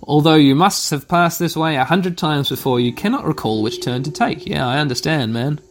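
A man's voice: fairly high pitch, animated, moderate pace, soft background music. A man playing a text adventure aloud, reading it out and adding casual, wry asides. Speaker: game player and host.

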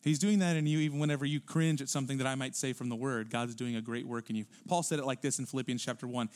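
A male pastor preaching a sermon in a church, animated, rising to loud emphatic peaks and dropping to quiet low asides. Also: fast, hardly any pauses. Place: church sanctuary.

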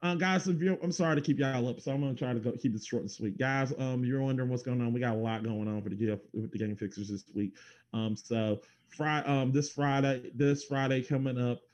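A man's voice: medium pitch, fairly quick, darkish tone. Man, podcast co-host, rambling plugs, casual, swears a little, mid voice.

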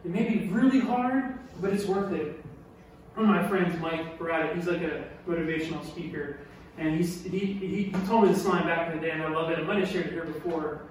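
A man preaching a sermon, animated and emphatic, who repeats key lines and asks his listeners questions. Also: a little high, brisk. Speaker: pastor. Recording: echoey hall from far off with faint noise.

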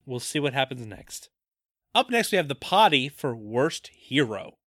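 A man's voice: mid-range voice, big pitch swings, measured pace, a bit bright, dry recording. A man co-hosting a podcast in casual chat, making dry, wry jokes. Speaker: podcast co-host.

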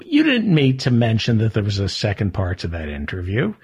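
Give me a man with a deeply husky, raspy voice and a lively swing in pitch, playfully accusing his co-host. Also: fairly quick. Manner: mock-accusing, needling. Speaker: podcast host. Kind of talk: comedic bickering banter.

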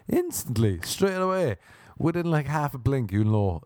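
A man's voice: mid-range voice, very animated, moderate pace, darkish tone, no echo, studio quality. A man with an Irish accent telling a rambling, profane comic story. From Ireland. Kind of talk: comic monologue.

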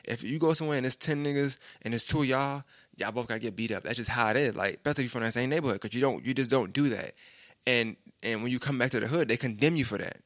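A man's voice: mid-range voice, fast, a bit bright, no room sound, clean studio sound. A young man, telling a personal story in a loose, rambling way and often saying "you know what I'm saying". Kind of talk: casual storytelling monologue.

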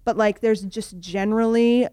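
A woman's voice: a little high, normal speed, clear, resonant tone, dry recording, clean studio sound. A young woman, a comedian, chatting casually with frequent "like" fillers. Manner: chatty, lots of "like" fillers, animated. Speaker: comedian guest. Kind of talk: casual podcast chat.

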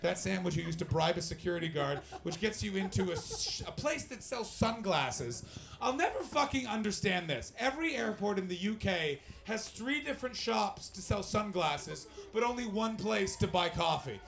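Doing stand-up, a young Canadian man banters with the audience and tells loose, profane stories in an animated way. His high-pitched voice is creaky, moving at a moderate pace with hardly any pauses.

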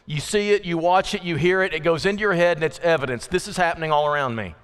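In a church sanctuary, a middle-aged man delivers a sermon in a voice that is high for a man, smooth and resonant. He speaks quickly in a relaxed, storytelling manner, slipping into acted asides, while a long reverb trails his words through the hall.

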